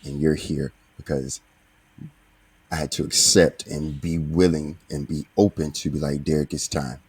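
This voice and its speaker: Deep husky guy hosting a recovery podcast, earnest, kinda halting. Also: level tone, a little mellow. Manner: earnest, heartfelt, many restarts. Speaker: podcast host.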